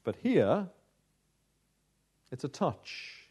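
A man preaching a sermon in a dramatic, measured way, slowing down to stress key phrases. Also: fairly high pitch, very animated, dark tone, breathy edge. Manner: dramatic, measured delivery with slowed emphasis.

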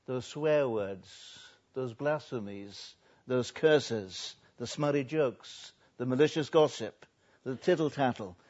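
An older man, a pastor, preaching a sermon, swinging between soft and loud and drawing out words for emphasis. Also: medium pitch. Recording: dull lo-fi recording.

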